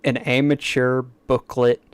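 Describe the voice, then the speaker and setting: Slow, smooth-voiced male streamer. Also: mid-range voice, flat delivery, dry recording. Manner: rambling, with stammered restarts and eager asides. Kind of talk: casual live-stream chat. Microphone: desk microphone.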